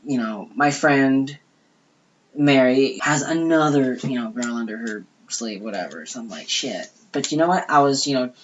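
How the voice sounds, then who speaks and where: A woman with a strikingly deep voice tells a long story on a casual podcast, leaning hard on "you know" and "like" and swearing freely. The audio is dull and lo-fi. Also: lively intonation, normal speed, a little hiss or hum. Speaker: podcast co-host.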